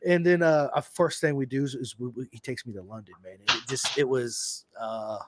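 A man's voice: mid-range voice, normal speed, a bit bright, a little hiss or hum. A man from the United States hosting a casual podcast, enthusiastic and slangy, often repeating his words. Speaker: podcast host.

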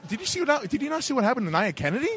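A man's voice: very high-pitched, very animated, racing, fairly bright tone, faint music behind. A man playing a wrestling manager who stammers and defends himself. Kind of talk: wrestling backstage interview.

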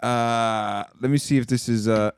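A man's voice: mid-range voice, fairly even intonation, measured pace, clean tone, no room sound, studio quality. A young British man co-hosting a podcast, chatting casually, teasing and laughing a lot. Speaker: podcast co-host. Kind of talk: casual chat.

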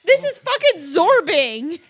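A woman's voice: very high-pitched, slow. A woman co-hosting a podcast, chatting casually with lots of laughter and swearing. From raised in the US by a Persian mother. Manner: laughing, swearing, animated banter. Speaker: podcast co-host. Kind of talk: casual chat.

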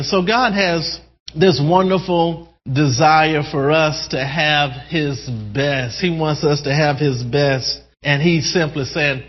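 A male preacher delivering an animated sermon, often repeating words as he addresses the congregation. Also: fairly high pitch, slow. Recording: dull sound with long hall reverb.

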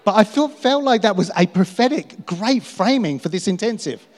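Casting: middle-aged male pastor, slightly high voice, self-mocking storyteller, long hall reverb. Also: animated, moderate pace, darkish tone. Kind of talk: sermon.

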